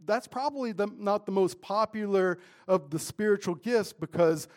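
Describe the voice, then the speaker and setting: A man's voice: sits high, moderate pace. A middle-aged man preaching a sermon in a casual, conversational way, often saying "man" and "right?". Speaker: pastor.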